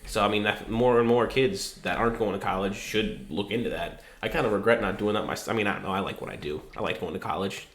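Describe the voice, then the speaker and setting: A man's voice: fairly low pitch, fast talker, hardly any pauses. A young man co-hosting a podcast, telling rambling stories in casual chat, swearing often and laughing as he goes. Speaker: podcast co-host. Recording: roomy echo.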